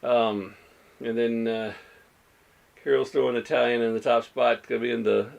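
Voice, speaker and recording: A man leading a casual livestream church study, easygoing and halting with many fillers as he reads out viewer replies. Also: medium pitch, little pitch movement, vocal fry. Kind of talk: casual livestream group chat.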